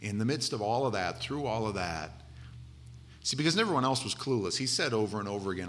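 A man preaching a conversational sermon, retelling scripture with animated asides and voiced characters. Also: lowish voice, a little fast, slight background noise.

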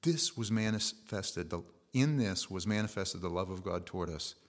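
A man's voice: low-pitched, expressive, normal speed. A middle-aged man preaching a sermon as a pastor, in an earnest, conversational storytelling manner.

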